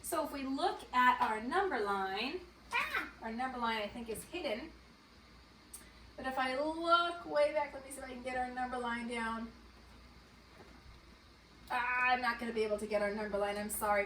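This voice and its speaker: A woman teacher leading a morning meeting for small children, her voice a bit high. She stretches out words in a slow, sing-song way as she counts along with them. The sound is roomy and echoey, picked up from a distance. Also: pushed and bright, a little hiss or hum. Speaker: elementary school teacher. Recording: echoey room, voice from far off.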